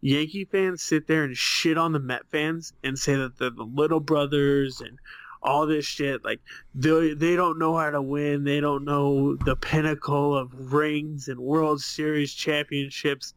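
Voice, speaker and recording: A young man talking sports on a webcam podcast, swearing freely as he vents about his teams. His voice sits a little high and the sound is dry with no room echo. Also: steady tone, unhurried, clean tone. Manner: profane, heated, ranting. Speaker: podcast co-host. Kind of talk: casual sports chat.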